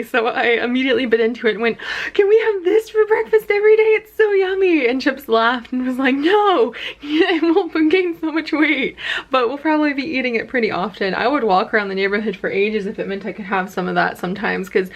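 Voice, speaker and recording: Brief: upbeat woman vlogger, slightly high voice, chatty and gushing. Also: dull audio. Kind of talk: casual vlog chat to camera. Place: outdoors at home, then indoors.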